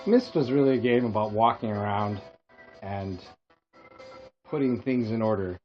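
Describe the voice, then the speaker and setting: Animated and fairly low-pitched, a man from Hawaii talks at normal speed as a podcast co-host. He rambles through comic stories in a casual chat, laughing at his own jokes, and the recording is dull lo-fi audio with faint music.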